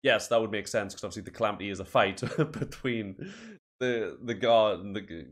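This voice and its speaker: A man reacting to a show, thinking aloud in an excitable, casual way. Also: fairly low pitch, moderate pace. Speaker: video reactor.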